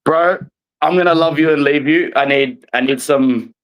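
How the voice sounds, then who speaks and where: A man's voice: fairly high pitch, normal speed, rough recording. A man, a guest in a casual football chat, talking with passion and rambling on. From Australia.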